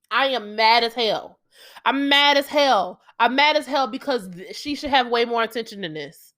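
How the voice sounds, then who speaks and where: A woman's voice: high-pitched, animated, moderate pace, fairly bright tone. A young woman hosting a solo podcast, ranting emphatically with lots of swearing and heated outbursts. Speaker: podcast host.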